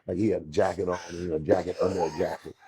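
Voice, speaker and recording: A man with a deep, husky voice tells stories as a comedy guest. He rambles loosely from one thought to the next and drops into small acted-out voices for the people in his tales, all in easy casual chat. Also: little pitch movement, rapid-fire, dark tone.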